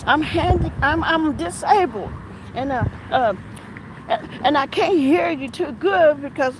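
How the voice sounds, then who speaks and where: A woman's voice: high-pitched, unhurried, noisy background. A woman voicing a frantic elderly woman caller who pleads for help, repeating herself breathlessly. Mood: frantic pleading.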